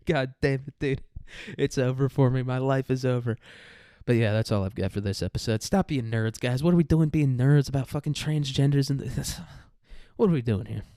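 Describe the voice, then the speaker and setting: Male podcast host, casual profane rant, mid-pitch voice, dry booth sound. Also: normal speed, warm tone, no echo. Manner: profane, sarcastic, mocking mimicry; laughs through his own jokes. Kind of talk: casual ranting commentary.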